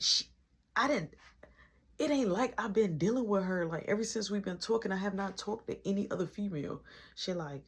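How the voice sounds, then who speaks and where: A woman's voice: medium pitch, sing-song, moderate pace, pauses often, slightly rough. A woman telling a slangy first-person story in a casual series, acting out every line of dialogue.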